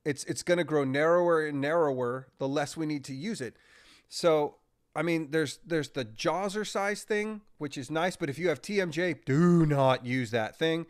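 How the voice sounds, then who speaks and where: Lively higher-voiced man, breathwork coach. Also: normal speed. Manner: energetic, impulsive, acts out examples. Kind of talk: casual podcast conversation.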